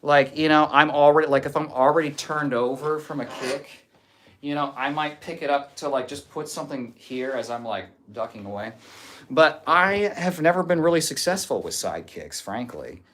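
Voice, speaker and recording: A man's voice: on the high side, moderate pace, a bit bright. A man hosting a livestream, reading out viewer comments and answering trolls with dry, teasing sarcasm. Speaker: livestream host. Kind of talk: casual chat reading live comments.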